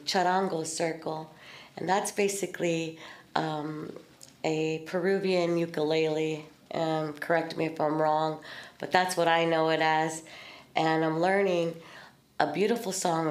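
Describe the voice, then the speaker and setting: A middle-aged woman talks in an earnest, heartfelt storytelling way, mixing spiritual words with casual swearing. Her voice sits a little low. The recording has a noticeable room echo. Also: flat delivery, a little slow. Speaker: podcast host. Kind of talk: candid heartfelt conversation. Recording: echoey room.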